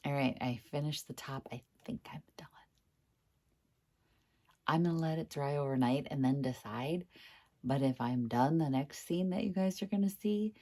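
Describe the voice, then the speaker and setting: Low-voiced woman chatting through a furniture project. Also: normal speed, dark tone. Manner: chatty, talks to camera while working, mutters when frustrated. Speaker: furniture flipper vlogger. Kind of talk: casual workshop vlog. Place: home workroom indoors.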